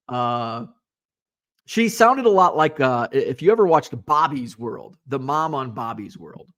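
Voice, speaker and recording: A man from Illinois hosts a casual live podcast, going through viewer comments slightly slowly in a mid-range voice with lively intonation. He wanders off topic often, using many fillers and asides.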